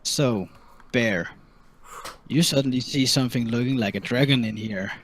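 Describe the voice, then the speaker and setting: A man running a tabletop game as dungeon master, narrating enemy moves in a relaxed, laughing, somewhat halting way. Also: mid-range voice, a little hiss or hum. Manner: relaxed, laughing, often hesitant.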